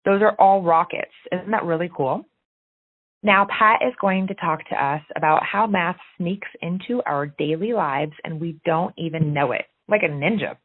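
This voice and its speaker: A woman hosts an online STEM talk and introduces the speaker in an upbeat, enthusiastic way. Her voice sits slightly low. The sound comes over a thin, phone-like call line. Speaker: host of an online STEM series. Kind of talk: scripted introduction. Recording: tinny phone-like video call audio.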